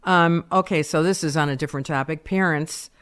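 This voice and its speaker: A woman's voice: sits low, a little fast, a bit bright. Woman co-host chiming in agreeably. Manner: agreeable, chiming in with short replies. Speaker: podcast co-host. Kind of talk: casual chat.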